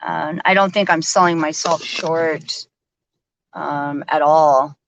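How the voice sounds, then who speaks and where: A woman's voice: deep voice, fairly even intonation, slow, poor audio. A woman hosting a live stream in casual chat, chatty, laughing often and using lots of fillers. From American South.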